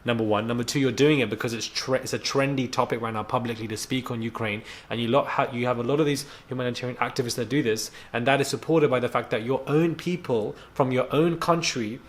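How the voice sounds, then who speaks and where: A man's voice: mid-range voice, steady tone, fairly quick, hardly any pauses. Annoyed man ranting to camera. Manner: annoyed, heated, repeats himself with fillers. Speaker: vlogger.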